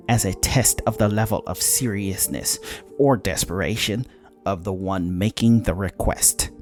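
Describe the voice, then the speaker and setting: A man with a low voice narrating a fantasy story in a steady, measured way. Soft music sits faintly beneath the reading. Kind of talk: scripted audiobook narration.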